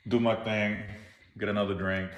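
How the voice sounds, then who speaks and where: A man's voice: lowish voice, little pitch movement, moderate pace, fairly bright tone, a little hiss or hum. Laid-back man telling a bar story. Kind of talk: casual chat.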